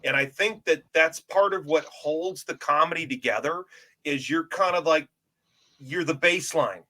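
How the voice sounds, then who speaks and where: A man hosting a casual podcast chat, brash, loud and profane. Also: on the high side, normal speed. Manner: brash, loud, profane, self-described big personality. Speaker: podcast host.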